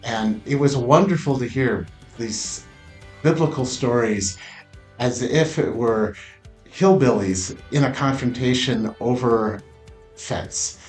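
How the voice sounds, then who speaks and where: A man telling a personal story, unhurried and pausing often, in a roomy echo over faint music. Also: mid-range voice, darkish tone. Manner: unhurried with frequent "uh" pauses.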